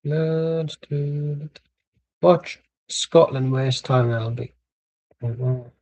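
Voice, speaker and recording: A man's voice: mid-range voice, drawn-out words, a little mellow, no echo, low-quality recording. A young man streaming a football watchalong, chatting casually and rambling with jokes and asides as the match plays. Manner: rambling, joking banter with asides. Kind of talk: casual live match commentary.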